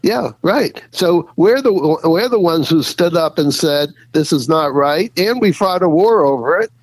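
A man's voice: on the high side, animated, a little slow, no room sound, rough recording. A man interviewed as an author, answering at length with lots of fillers and restarts. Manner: rambling, many fillers and restarts, chuckles. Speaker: author and guest.

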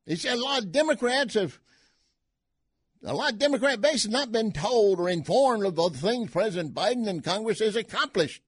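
A man putting on an impression of a folksy older Cajun political strategist, with a high, emphatic drawl. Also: expressive, normal speed, breathy edge, dry recording. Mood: scolding.

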